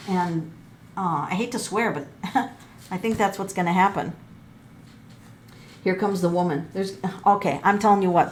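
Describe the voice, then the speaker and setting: Talking straight to her viewers, whom she calls folks, a middle-aged tarot reader and numerologist gives a relaxed reading. Her mid-range voice carries a faint hiss or hum as she thinks aloud and reacts to the cards with gasps and exclamations.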